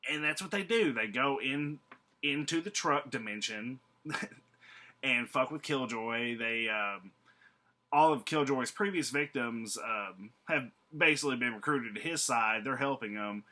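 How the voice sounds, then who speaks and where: Dude with a real bright voice, swearing a lot, recapping a movie all casual. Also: male voice, mid-range voice, expressive, unhurried. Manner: profane, rambling, laughing asides. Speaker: movie reviewer.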